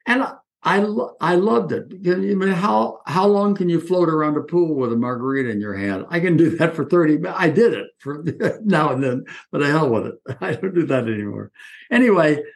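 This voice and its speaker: A man's voice: on the high side, brisk, gravelly. Older man in his eighties, spirited raconteur who slips into other people's voices mid-story. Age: 80s. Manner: lively anecdotal, acts out quoted voices, frequent restarts. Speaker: interview guest. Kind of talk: reminiscing storytelling.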